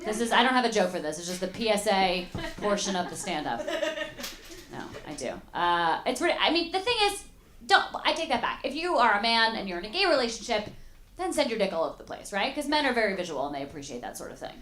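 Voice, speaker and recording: A young woman performs stand-up in a club, chatting playfully with the crowd in a mid-range, sing-song voice that's fast and fairly bright. The room sounds roomy, and the audience laughs in the background.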